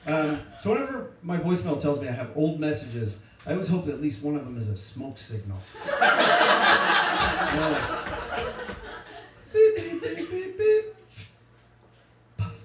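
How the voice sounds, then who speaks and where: A lively male stand-up comedian with a slightly high voice and a bouncy, sing-song delivery, cracking self-deprecating jokes and chuckling between lines. He is picked up from across a reverberant room, with loud background noise. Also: fairly quick. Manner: playful, self-deprecating, frequent laughter. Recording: echoey live room from a distance, loud noise.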